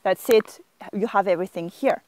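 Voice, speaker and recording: A French woman with a French accent, teaching English-speaking learners in an online lesson, explaining slowly and repeating example phrases expressively. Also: medium pitch, darkish tone, a little hiss or hum. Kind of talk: online language lesson to camera.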